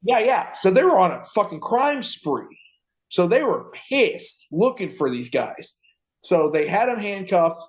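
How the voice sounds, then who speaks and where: His voice sits high and moves a little slowly, and the recording has its highs cut off. As a podcast co-host telling a casual story, he's profane and animated, acting out what each person said.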